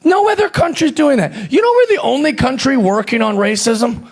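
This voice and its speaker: High animated man telling crude stories. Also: normal speed, slightly rough. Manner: animated, profane, acts out people in his stories. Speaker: comedian guest. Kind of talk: stand-up style storytelling.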